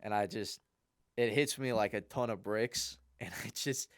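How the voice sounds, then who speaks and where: A young man, a podcast co-host, telling a long, rambling story in a casual, animated way. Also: lowish voice, moderate pace, clean tone, no room sound, studio quality.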